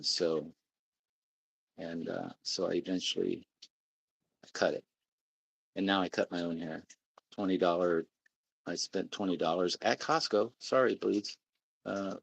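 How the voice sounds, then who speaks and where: A man's voice: fairly low pitch, unhurried, creaky, pauses often, breathy edge, poor audio. A middle-aged man hosting a casual livestream, rambling and reading out viewer comments. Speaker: livestream host.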